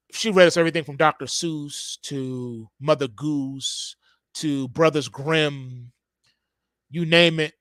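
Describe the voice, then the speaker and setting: A male host telling a casual comic story with a lively, swooping pitch. His delivery is slangy and playful. The sound is dry and close. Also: no room sound. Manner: animated, voices quotes, slangy. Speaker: market show host.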